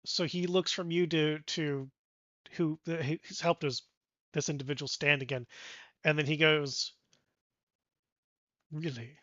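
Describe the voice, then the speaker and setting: A man narrating a tabletop game as game master, animated with sound effects. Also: a little high, normal speed, no echo, lo-fi sound.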